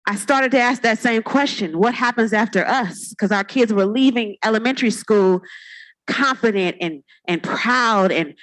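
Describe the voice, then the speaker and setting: A woman's voice: a little high, normal speed, fairly bright tone, poor audio. Heartfelt woman from California accepting an award. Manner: heartfelt, playful, speaks to the crowd.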